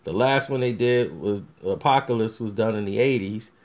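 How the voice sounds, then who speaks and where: With a lowish voice at a moderate pace, a male review vlogger offers casual commentary on films coming soon. His delivery meanders, packed with restarts and filler words.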